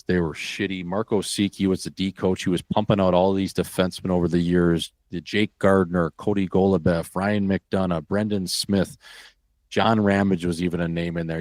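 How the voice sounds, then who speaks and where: A man from Wisconsin tells a story as a podcast guest, animated and full of profanity. His voice sits low, and the recording is dry and close. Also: no echo. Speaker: podcast guest, former hockey player. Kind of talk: casual storytelling.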